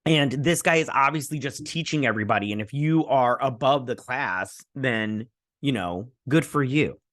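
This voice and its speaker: A man's voice: mid-range voice, moderate pace, fairly bright tone, dry recording, clean studio sound. A man hosting a casual episode review, recapping scenes in an offhand, rambling way with many fillers and asides. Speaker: host.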